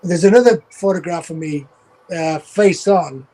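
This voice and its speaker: Speaking a little slowly in a mellow, fairly high voice, this older man with a Geordie accent is a guest and a veteran tour manager. He rambles through road stories in casual anecdotal talk, salty and swearing freely, on a rough recording.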